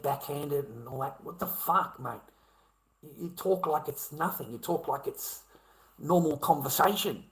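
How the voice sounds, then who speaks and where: A man's voice: on the high side, rough recording. An Australian man talking to camera in a rambling, repetitive monologue, swearing heavily. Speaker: vlogger.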